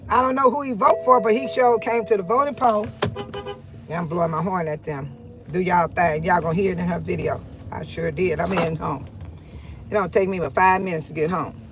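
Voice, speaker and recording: A woman from California talking in a casual vlog, chatty and animated, laughing often. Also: fairly low pitch, moderate pace, long pauses, noisy background. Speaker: vlogger. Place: outdoors and in a car.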